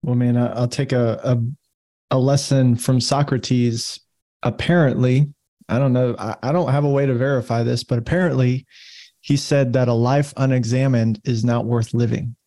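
A man with a mellow, warm voice speaks as a panel guest in a casual discussion. He tells his points as an animated story. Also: medium pitch, moderate pace. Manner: storytelling, animated retelling of a movie scene.

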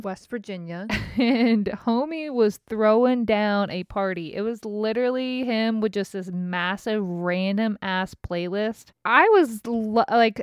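A woman in her thirties tells a rambling, profane story. Her voice is smooth and clear, at a middling pitch. The sound is dry, with no room echo. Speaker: podcast host. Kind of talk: casual chat.

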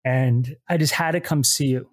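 A man's voice: mid-range voice, normal speed, dry recording, studio quality. A male podcast host interviewing a guest, getting emotional and choked up as he asks his questions. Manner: emotional, choked up while asking.

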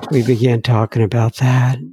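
A man hosting a podcast interview, asking gentle, soft-spoken questions. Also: mid-range voice, flat delivery, moderate pace, slight background noise. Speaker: podcast host. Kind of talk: interview conversation.

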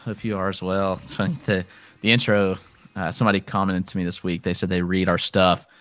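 A man's voice: sits low, little pitch movement, a little fast, a bit bright, no echo, soft background music. A man with a Southern US accent, co-hosting a podcast in an easygoing way with many fillers. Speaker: podcast co-host. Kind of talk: casual podcast chat.

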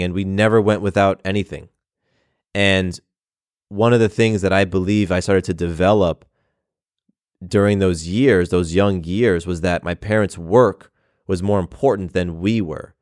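A man's voice: deep voice, dry recording, clean studio sound. A man in his thirties telling a personal story in a reflective, earnest way, often repeating phrases. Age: 30s.

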